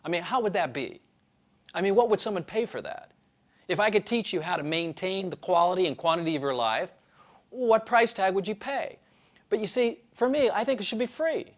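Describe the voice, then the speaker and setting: Male author, fairly high pitch, emphatic and preachy, repeats himself. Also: lively intonation, fairly quick. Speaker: health author. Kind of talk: promotional monologue.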